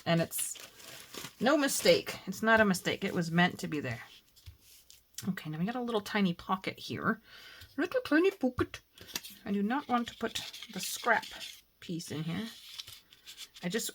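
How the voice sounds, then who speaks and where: A woman talking casually as she works through a crafting tutorial, chatting to herself and bursting into excitement now and then. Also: medium pitch, slight background noise. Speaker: crafting vlogger.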